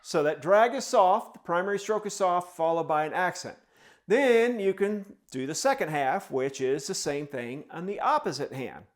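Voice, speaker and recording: A man's voice: high voice, lively intonation, moderate pace, background noise. A man teaching a drum lesson step by step, speaking the rhythms aloud in syllables as he demonstrates them.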